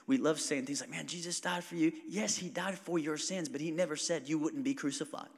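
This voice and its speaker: A male pastor preaching a sermon to his congregation, calling for amens and moving between loud preaching and quiet prayer. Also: fairly high pitch, brisk, creaky, husky, in a large hall. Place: church sanctuary.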